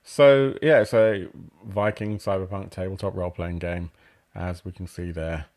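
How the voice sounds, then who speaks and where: A man's voice: low-pitched, steady tone, moderate pace, darkish tone. A man hosting a casual stream about tabletop games, rambling and self-deprecating, with plenty of ums and apologies as he reads. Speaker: host reviewing crowdfunding games. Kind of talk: casual live-stream commentary.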